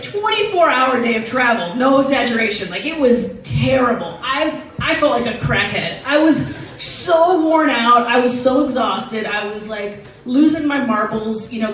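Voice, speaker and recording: Animated woman telling a story in an echoey hall. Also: fairly high pitch, far from the mic. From United States. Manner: animated, casual and profane, laughing through the tale. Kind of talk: live storytelling.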